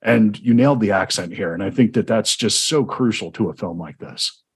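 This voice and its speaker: Eager and prone to rambling with restarts, a Georgia-born podcast host with a Southern accent conducts a conversational film interview. His voice is husky and fairly low, at a normal speed.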